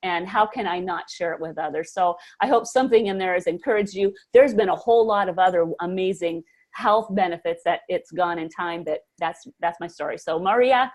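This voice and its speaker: Woman, middle-aged, lively storyteller, lowish voice, testimony to a group. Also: brisk, hardly any pauses. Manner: animated storyteller, acts out quotes. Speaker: speaker sharing a personal testimony. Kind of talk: enthusiastic personal testimony to a group.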